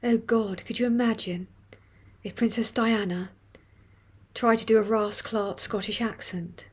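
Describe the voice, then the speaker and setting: A woman's voice: a little high, fairly even intonation, normal speed, slightly rough. A woman hosting a casual live stream, reading chat comments aloud with swearing and laughter. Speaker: livestream host reading chat.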